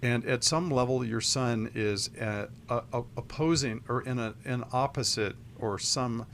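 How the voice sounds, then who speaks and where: A man co-hosting a call-in advice show, counseling a caller in a measured way. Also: medium pitch, a bit bright, a little hiss or hum. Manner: measured, advising. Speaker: co-host counselor. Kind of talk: radio advice talk.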